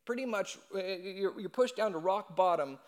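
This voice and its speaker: A young adult man preaching a sermon as a pastor, in a conversational, animated way and acting out quotes. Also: high voice, moderate pace.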